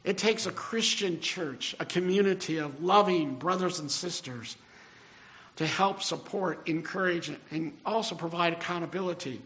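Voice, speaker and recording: Older man, pastor, earnest sermon delivery, high-pitched voice, slows down for emphasis. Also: fairly bright tone. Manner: earnest, rises in emphasis, slows on key phrases.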